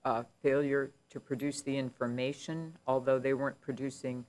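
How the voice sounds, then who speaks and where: A man serving as an appellate judge, asking a measured question that sums up counsel's position. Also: mid-range voice, little pitch movement, a little mellow.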